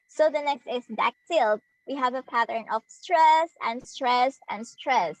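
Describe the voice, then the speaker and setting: Slow, careful young Filipino teacher. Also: female voice, fairly high pitch, poor audio. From Philippines. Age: young adult. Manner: slow, hesitant, explaining to students. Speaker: student teacher. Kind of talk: demo class lesson.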